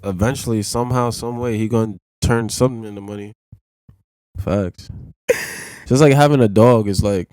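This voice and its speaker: A man's voice: lowish voice, normal speed, dark tone, clear, resonant tone, no room sound, studio quality. A young man as a podcast guest in casual chat, blunt and joking with heavy slang.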